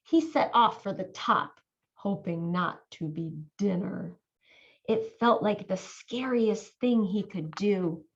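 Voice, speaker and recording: A woman volunteer reading a children's picture book aloud in an animated way, stopping to ask the young listeners questions. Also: medium pitch, slow pace. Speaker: volunteer reader. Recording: dull lo-fi audio.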